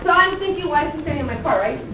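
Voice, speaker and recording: A woman's voice: high voice, animated, very fast. A young woman teacher telling her class a long, worked-up story about her weekend, acting out her own reactions as she goes. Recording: echoey classroom from far off, noisy.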